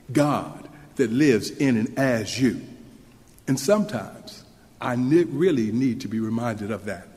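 A man delivers a sermon to a congregation, earnest and measured, sometimes asking the listeners questions. His voice sits at an ordinary middle pitch. The sound carries a long reverb from a large hall. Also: a little mellow. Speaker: minister.

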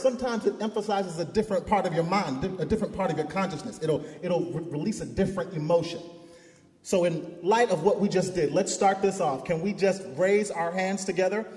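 A man's voice: high-pitched, a little mellow. A male pastor preaching a sermon, leading the congregation in call-and-response with rising, emphatic declarations. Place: church sanctuary. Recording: echoey hall.

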